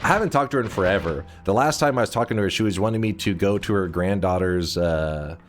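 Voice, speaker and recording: Low-voiced man rambling through a story. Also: quick pace, slight background noise. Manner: rambling, profane, self-interrupting. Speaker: streamer. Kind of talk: casual storytelling while gaming.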